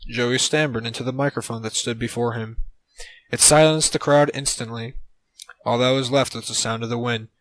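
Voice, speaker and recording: Deadpan man narrating a silly story. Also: mid-range voice, normal speed, dry recording, poor audio. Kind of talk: absurd comedic story narration.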